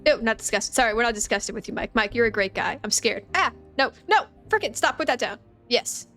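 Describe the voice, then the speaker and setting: A woman's voice: fairly high pitch, a little fast, pushed and bright, soft background music. Playful woman streaming a game. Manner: playful and joking. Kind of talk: let's play commentary.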